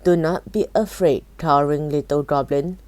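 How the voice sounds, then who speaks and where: A woman voicing a pompous male would-be superhero who speaks in a deep, booming way. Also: steady tone, moderate pace, a little mellow, no room sound, lightly acted. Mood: boastful.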